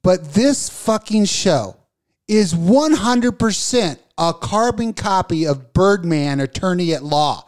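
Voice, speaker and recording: A man's voice: sits high, lively intonation, slow pace. Profane ranting man. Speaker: podcast co-host. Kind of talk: casual comedic rant.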